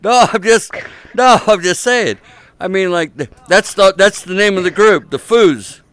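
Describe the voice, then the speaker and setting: Man, slightly high smooth voice, dry close headset sound; casual crude joker roasting strangers in VR. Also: a little slow, a bit bright, no echo. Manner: teasing, crude banter with strangers. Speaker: VR chat YouTuber. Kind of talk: casual joking commentary. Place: social VR game room.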